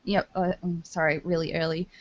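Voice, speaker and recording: A woman's voice: lowish voice, little pitch movement, fairly quick, lo-fi sound. A woman chatting casually on a podcast panel, giggly and groping for words.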